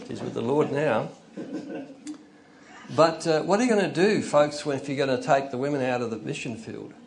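A man's voice: mid-range voice, normal speed, vocal fry, background noise. An older man preaching an informal, conversational sermon, telling stories and rising into emphatic bursts. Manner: conversational, storytelling, chuckles, rises to emphatic bursts.

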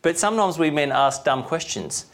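A man's voice: fairly high pitch, animated, moderate pace, fairly bright tone. Man preaching conversationally. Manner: conversational, asks the listeners rhetorical questions. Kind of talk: sermon.

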